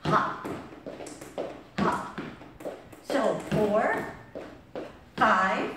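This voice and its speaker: Woman, fitness instructor, counting reps, out of breath, slow speech, distant mic in an echoey room. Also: medium pitch, lively intonation, background noise. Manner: counts reps aloud while exercising. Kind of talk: workout demonstration.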